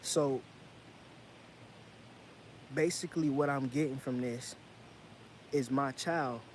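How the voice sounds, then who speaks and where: A man's voice: mid-range voice, fairly even intonation, takes it slowly, a little hiss or hum, low-quality recording. Intense man telling a story to viewers. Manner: intense, repetitive, profane, addresses viewers as family. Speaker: vlogger. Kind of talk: casual storytelling monologue.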